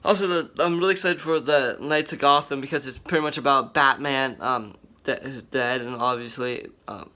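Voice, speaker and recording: A man hosting a casual commentary vlog, talking in an excited, rambling way with many fillers and restarts. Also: mid-range voice, normal speed, hardly any pauses. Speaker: vlogger.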